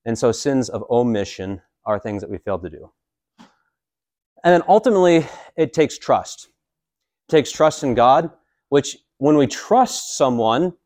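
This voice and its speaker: A man's voice: mid-range voice, a little mellow, dry recording. A man in his forties, a priest, teaching a catechism class in a casual, joking way with many fillers. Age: 40s.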